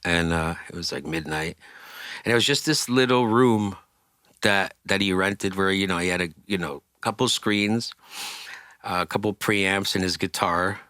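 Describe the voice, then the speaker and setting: A man's voice: deep voice, moderate pace, pushed and bright, no echo, studio quality. A man, a singer and interview guest, telling a story casually, acting out quoted voices and swearing freely.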